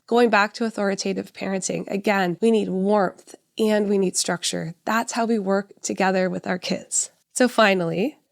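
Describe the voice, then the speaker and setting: A woman's voice: mid-range voice, gravelly. A woman in her thirties hosting a solo parenting podcast, talking in a conversational, reflective way and often checking in with "right?". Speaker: podcast host, parenting educator.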